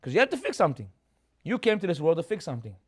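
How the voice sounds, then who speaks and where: In a racing, breathy-edged male voice on the high side, a rabbi swings widely in pitch while teaching a chatty Torah class. He brings the stories to life by acting out characters and asking rhetorical questions.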